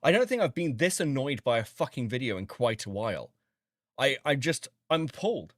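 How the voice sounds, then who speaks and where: A man's voice: medium pitch, big pitch swings, fairly quick, no echo, studio quality. A man hosting a stream, reacting to a video with exasperated, incredulous anger, swearing and laughing in disbelief. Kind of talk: angry reaction commentary.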